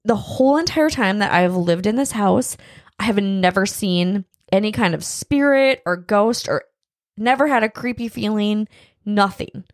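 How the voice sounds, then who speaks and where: A woman telling a story in casual chat, animated and blunt, laughing often. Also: medium pitch, a little slow, dry recording, clean studio sound.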